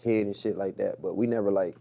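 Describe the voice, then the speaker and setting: A man's voice: lowish voice, steady tone, fairly quick, vocal fry, dark tone, muffled recording. A young man as an interview guest, talking loosely and candidly with lots of slang and swearing. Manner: loose, slangy, profane talk.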